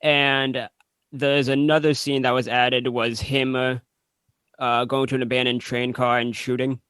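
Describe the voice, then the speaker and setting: A young man co-hosting a casual movie podcast, talking in a relaxed, measured way. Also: mid-range voice, clear, resonant tone, dry recording. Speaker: podcast co-host. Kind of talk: casual film review chat.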